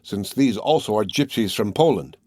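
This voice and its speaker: A man's voice: on the low side, lively intonation, moderate pace, darkish tone, no echo, studio quality. A man voicing a chatty, offhand townsman in a classic novel. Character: chatty medieval townsman, easygoing. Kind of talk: scripted narration.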